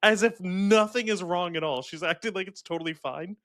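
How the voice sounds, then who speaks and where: A man's voice: high voice, normal speed. A man co-hosting a casual podcast chat, talking animatedly with lots of "like" and frequent laughter. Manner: animated, laughs often, filler-heavy. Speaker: podcast co-host reviewing a film.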